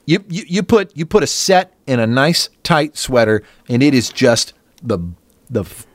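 A man's voice: a little slow, dry recording. A man co-hosting a podcast, talking in crude casual banter, rambling with restarts. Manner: rambling, restarts, lively pitch swings. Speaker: podcast co-host.

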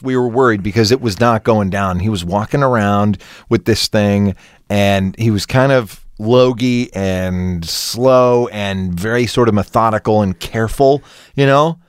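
A man co-hosting a comedy podcast, telling a long rude anecdote in casual chat, animated and swearing freely. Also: fairly low pitch, moderate pace, no echo. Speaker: podcast co-host.

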